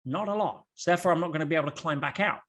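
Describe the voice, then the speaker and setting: A man talking as a guest on a podcast, telling stories in an animated way with rhetorical questions and quick restarts. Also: on the high side. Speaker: podcast guest, motivational speaker. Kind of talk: podcast conversation.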